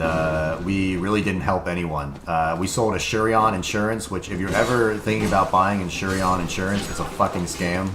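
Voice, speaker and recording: A young man streaming a game, chatting casually and rambling with lots of filler words and swearing. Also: low voice. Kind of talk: casual gaming livestream chat. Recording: echoey room with faint background noise.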